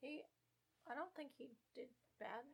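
High-voiced woman chatting mildly. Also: unhurried, gravelly, husky. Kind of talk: casual chat.

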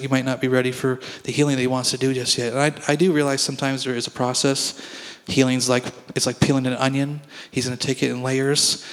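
Pastor with flat, echoing sermon voice. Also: male voice, mid-range voice. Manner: conversational storytelling preaching, acts out dialogue.

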